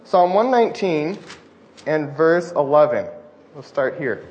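A young man preaching a sermon into a lapel mic, fast-talking and self-deprecating, in a church hall. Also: on the high side, sing-song, a little mellow. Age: young adult. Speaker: student preacher. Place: church hall with air conditioning. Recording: dull lo-fi audio with faint hum. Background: faint air conditioning hum.

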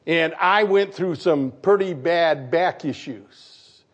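Pastor, male, slightly high voice, lively sermon full of questions to the congregation, muffled lo-fi recording. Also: takes it slowly. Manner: animated, questions the congregation, acts out quotes. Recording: dull lo-fi recording.

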